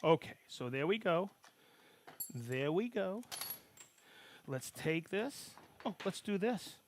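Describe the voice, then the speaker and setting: Slow-paced and pitched high, a man gives an excitable, down-home live demonstration of woodworking tools. He keeps asking "okay?" and waves hello to viewers by name.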